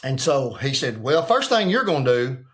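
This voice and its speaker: A man in his sixties, a retired football coach, tells a story during a casual chat. His medium-pitched voice has a sing-song lilt at a moderate pace, and he acts out other people's words in a folksy way.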